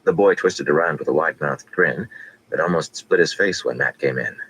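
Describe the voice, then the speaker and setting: A man narrating a fantasy audiobook with steady, measured reading. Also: very deep voice, slightly rough, low-quality recording.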